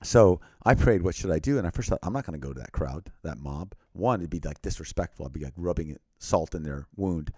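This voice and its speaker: A man earnestly telling a personal story as an interview guest, often dropping to a quiet, grave tone. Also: deep voice, animated, brisk, few pauses, no room sound, studio quality.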